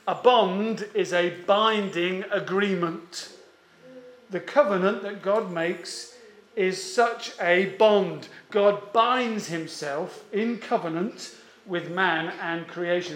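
A man with a high, light voice delivers a sermon, leaning hard on key words and stretching them out slowly. He is heard in an echoey church room with a faint hum of ambience behind him. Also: fairly bright tone. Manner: measured, emphatic, drawn-out stresses. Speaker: preacher.

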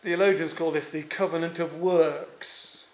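A man's voice: fairly high pitch, steady tone, measured pace, reverberant, a little hiss or hum. A man preaching an expository sermon, emphatic and given to repeating key phrases, with frequent fillers.

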